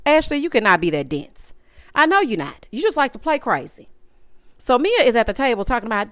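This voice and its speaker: A woman's voice: mid-range voice, sing-song, normal speed, a bit bright, no echo, clean studio sound. A woman giving a sassy, dramatic casual recap of a reality show, often mimicking the people she talks about.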